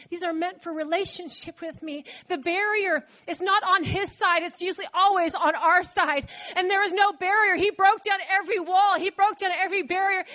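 A woman delivers a sermon in a very high, bright voice. Her preaching is chatty and animated, full of asides put straight to the congregation. She sounds like a pastor talking with her people rather than reading at them.

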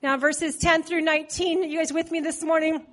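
High-voiced woman preaching with a cold. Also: little pitch movement, normal speed, a bit bright. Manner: humorous, chatty storytelling. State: has a cold. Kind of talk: conversational sermon.

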